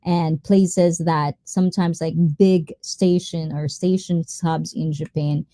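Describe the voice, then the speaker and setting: A woman's voice: low voice, fairly even intonation, takes it slowly, warm tone, no echo. A woman hosting a casual livestream chat, playful and teasing with her viewers and mixing Tagalog fillers into her English. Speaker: livestream host.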